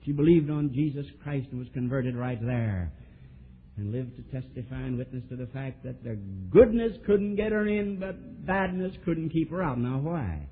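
A man preaching a sermon, telling a story and swinging from soft, low asides to emphatic, raised lines. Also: lively intonation, normal speed, breathy edge. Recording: old tinny lo-fi sermon tape.

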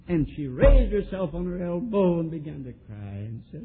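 A man preaching a sermon, telling a story and swinging from soft, low asides to emphatic, raised lines. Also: sing-song, normal speed, hardly any pauses, slight background noise. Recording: old tinny lo-fi sermon tape.

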